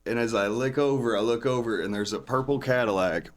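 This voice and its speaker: A man's voice: mid-range voice, a little fast. A man telling a long story in casual talk, rambling and raising his voice when he acts out what others said. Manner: rambling, acts out other people's lines in a raised voice. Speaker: podcast guest.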